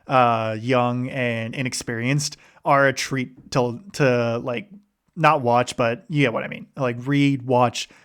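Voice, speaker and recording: A man's voice: medium pitch, steady tone, takes it slowly, a bit bright, clear, resonant tone. A man hosting a podcast, rambling casually about books he listened to, with lots of restarts. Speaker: podcast host.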